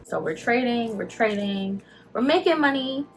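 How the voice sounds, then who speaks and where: A young woman telling a personal story to her channel in casual talk, animated and emotional, full of "like" fillers, holding back tears. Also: on the high side, normal speed. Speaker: vlogger.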